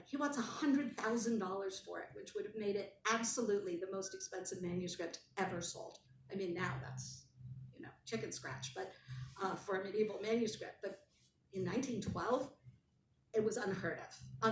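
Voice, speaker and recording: A woman guest telling a story in casual conversation, animated and wry. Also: medium pitch, slight background noise. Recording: roomy, distant mic, faint ambience.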